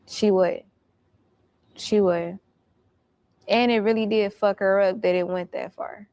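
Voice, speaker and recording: A woman's voice: medium pitch, gravelly, darkish tone. A woman recounting events in casual storytelling, blunt and profane.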